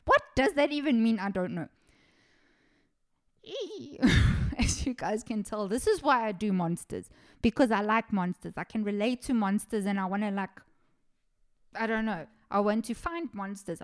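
A woman's voice: mid-range voice, lively intonation, moderate pace. Swearing, sarcastic woman. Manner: chatty, swears often, sarcastic asides with frequent laughs. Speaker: podcast host. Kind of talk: casual true-crime storytelling.

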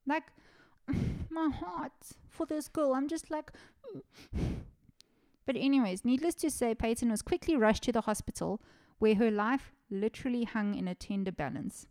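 Speaking at normal speed in a slightly high, darkish voice, a woman hosts a podcast. Her true-crime storytelling is relaxed and conversational, full of swearing, and she laughs at her own sarcastic remarks.

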